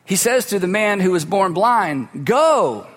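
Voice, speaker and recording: A man's voice: high voice, lively intonation, normal speed, fairly bright tone. A man preaching a sermon as a pastor, telling stories in a conversational way with humorous asides. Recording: long hall reverb.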